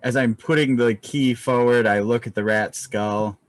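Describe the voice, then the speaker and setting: A man's voice: mid-range voice, fairly even intonation, normal speed, dry recording. A man playing a tabletop game, narrating his character's actions with some stammering. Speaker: player. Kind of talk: casual tabletop role-play.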